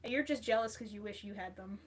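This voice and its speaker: A woman's voice: mid-range voice, fairly quick, husky. A young woman from the United States hosting a casual livestream, reading viewer comments aloud and answering them chattily. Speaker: livestream host.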